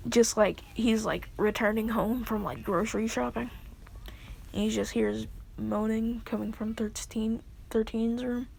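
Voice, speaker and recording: A young woman rambles through a casual story, full of fillers and loose asides. Her voice is a bit high with a gravelly fry, and a faint hiss sits under the recording. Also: fairly even intonation, measured pace, a little mellow.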